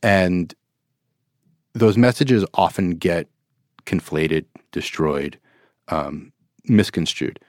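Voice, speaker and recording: A man's voice: low-pitched, expressive, slow, pauses often, darkish tone, no echo, clean studio sound. A man, a trade journalist guest, talking in a hesitant, self-deprecating way in a casual business chat.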